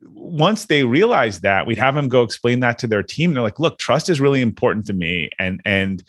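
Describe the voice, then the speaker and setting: A man's voice: medium pitch, sing-song, normal speed, husky, no room sound, studio quality. A man hosting a podcast, casually explaining workplace ideas with examples. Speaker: podcast host. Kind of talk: casual chat.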